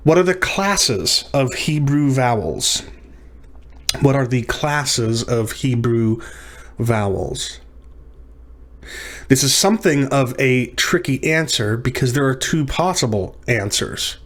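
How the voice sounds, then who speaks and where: A man's voice: mid-range voice, animated, slow, fairly bright tone. A man teaching a recorded practice lesson, explaining terms step by step and repeating words with small restarts and fillers. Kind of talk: recorded lecture practice session.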